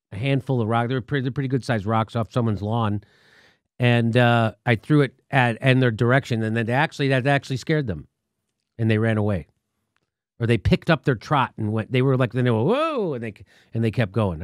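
A man's voice: mid-range voice, no echo, studio quality. A man hosting a talk show, telling a story casually and acting out what people said, with swearing. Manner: animated, acts out quotes with profanity. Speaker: show host.

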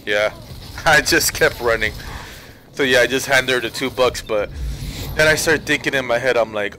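A man's voice: medium pitch, moderate pace. A young man streaming a video game, telling a story in a profane, rambling rant. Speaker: gaming streamer. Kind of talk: casual storytelling while playing. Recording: game sounds and noise behind.

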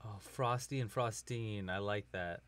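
A man's voice: lowish voice, measured pace, a bit bright, clean tone. A man from California hosting a casual livestream while crocheting, chatty and jokey, often laughing. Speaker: livestream host.

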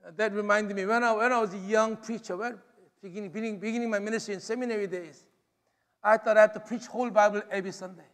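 High-voiced pastor in a reverberant hall. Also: male voice, fairly even intonation, quick pace. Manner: emphatic, repeats phrases, frequent "you know". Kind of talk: sermon. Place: church sanctuary.

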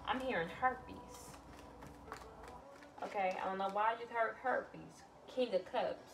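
A woman's voice: mid-range voice, unhurried, far from the mic, over music. A woman doing a casual tarot reading, blunt and exclamatory, swearing freely as she lays out cards. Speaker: tarot reader.

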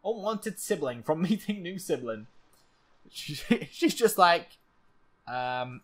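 A gaming channel host giving excitable, jumpy let's-play commentary, with frequent laughs and sudden exclamations. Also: mid-range voice, slow.

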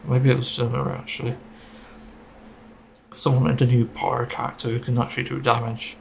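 A man's voice: medium pitch, level tone, brisk, vocal fry, a little mellow, a little hiss or hum, low-quality recording. A man giving a casual, rambling opinion monologue about a game, getting frustrated and swearing casually. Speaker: gaming video creator.

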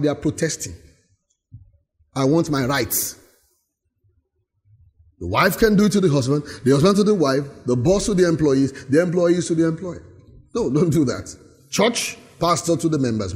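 A man preaching a sermon as pastor, animated and laughing often as he acts out little scenes. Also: high-pitched, in a large hall. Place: church hall.

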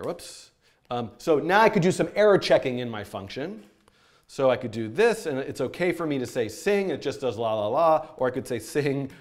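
Man teaching code, chatty and self-interrupting. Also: medium pitch. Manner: chatty and self-interrupting, with frequent fillers and laughs. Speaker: programming teacher. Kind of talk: live-streamed coding tutorial.

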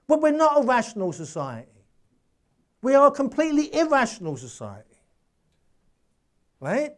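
A man's voice: extremely high pitch, normal speed. A man giving a public lecture, telling anecdotes emphatically, in bursts with restarts and asides. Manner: emphatic, animated storytelling. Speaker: guest lecturer.

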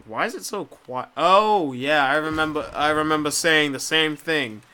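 A young man giving casual let's play commentary, rambling, swearing freely and talking to the screen, muttering quietly and then breaking into loud excited outbursts. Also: fairly high pitch, normal speed, clear, resonant tone. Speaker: gameplay commentator.

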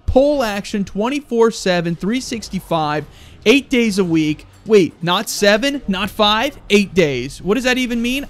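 Loud, crude young man gaming. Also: sits high. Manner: loud, crude, excitable, yelling at the game. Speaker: gaming YouTuber. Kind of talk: let's play commentary.

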